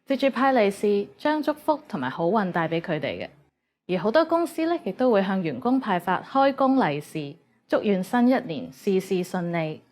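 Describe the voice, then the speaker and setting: A woman giving a clear, measured, scripted narration for a language lesson. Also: medium pitch, sing-song, a little mellow. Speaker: language teacher.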